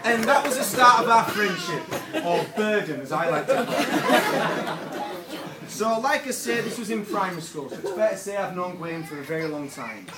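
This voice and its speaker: A man's voice: high-pitched, lively intonation, moderate pace, very noisy. A young man giving a best man speech at a wedding, joking and a little nervous. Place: wedding reception room with guests. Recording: roomy hall from far off, loud crowd.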